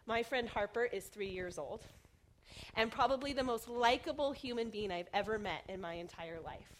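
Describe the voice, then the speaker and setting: A young woman preaching a sermon in an earnest way, often dropping to a hush on key phrases. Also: a little high, slight background noise. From Oregon, United States. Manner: earnest, softening to near whispers on key phrases.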